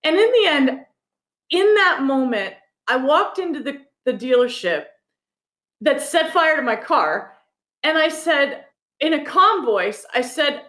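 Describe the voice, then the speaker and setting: A high-pitched woman recounts a personal story as an interview guest, laughing now and then. Her voice rings a little in an echoey room. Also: normal speed. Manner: animated, laughs while telling a story. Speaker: guest author. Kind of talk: conversational storytelling.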